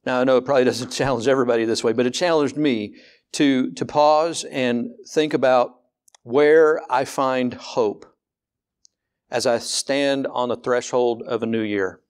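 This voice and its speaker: A male pastor preaching in a candid, conversational way. His voice sits at an ordinary pitch, neither high nor low. He repeats words as he goes, slows down to stress key points and asks rhetorical questions in a rising voice. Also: fairly even intonation, smooth. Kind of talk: sermon.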